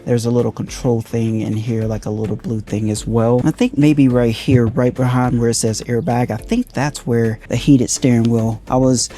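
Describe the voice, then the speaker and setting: Mellow man talking through a repair. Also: mid-range voice, fairly even intonation, normal speed, hardly any pauses. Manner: thinks aloud while working, loose and conversational. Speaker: car DIY reviewer. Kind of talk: casual hands-on walkthrough.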